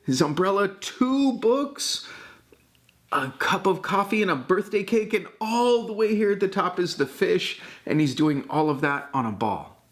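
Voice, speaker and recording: An older man's high, sing-song voice moves a little slowly as he reads a picture book to a grandchild, tender and affectionate, exclaiming at the pictures and pointing them out.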